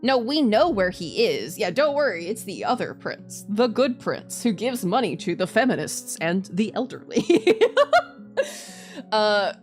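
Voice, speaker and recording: A woman's voice: mid-range voice, very animated, moderate pace, hardly any pauses, soft background music. A woman streamer chatting casually while playing a game, restarting her sentences and laughing often. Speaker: VTuber streamer. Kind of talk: casual gaming commentary.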